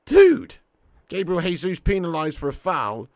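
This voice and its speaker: A man hosting a live football watch-along, giving commentary and reading out chat in an excitable, slangy way with indignant outbursts. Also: mid-range voice, normal speed, no echo, studio quality. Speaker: match watch-along host.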